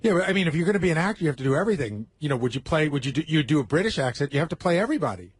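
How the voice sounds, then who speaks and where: Very fast-talking husky man. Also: a little high, very animated, no echo. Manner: rapid, earnest arguing. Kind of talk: casual radio banter.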